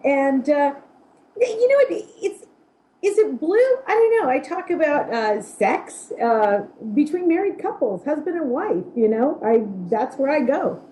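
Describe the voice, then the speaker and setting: A woman's voice: high voice, animated, measured pace, dark tone, rough recording. A woman comedian answering interview questions in a frank, upbeat way. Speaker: guest comedian.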